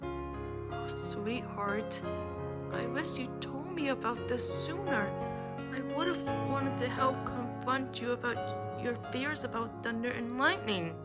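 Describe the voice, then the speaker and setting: A woman voicing a gentle, caring mother in a homemade cartoon, speaking softly and soothingly. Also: on the high side, over loud music, pitched below the performer's own voice. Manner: soft, soothing and slow.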